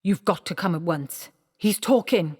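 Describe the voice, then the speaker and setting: A woman voicing an excitable male dwarf playwright, reading with urgent, breathless bursts in a long-reverb hall recording. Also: on the low side, unhurried, breathy edge. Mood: frantic.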